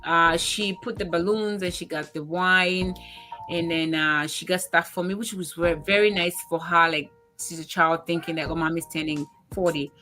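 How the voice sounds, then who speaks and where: A woman in her forties hosts a talk show, chatting casually in a lowish voice at normal speed, with faint music behind her. She is an animated storyteller who acts out the people in her stories, voicing their quoted dialogue.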